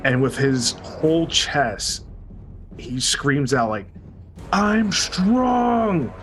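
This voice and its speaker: A man describes his character's actions in a tabletop game, speaking very slowly and hesitantly, with many pauses. His pitch is in the middle range, and faint music plays behind him. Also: fairly bright tone, low-quality recording. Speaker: player.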